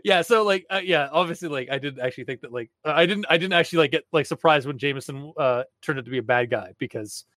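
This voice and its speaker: Casual male co-host, bit higher voice, expressive, laughs often, dry recording. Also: fast talker, hardly any pauses, dry recording. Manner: animated, laughing, exaggerated reactions. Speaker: podcast co-host discussing a story. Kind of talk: casual chat with story readings.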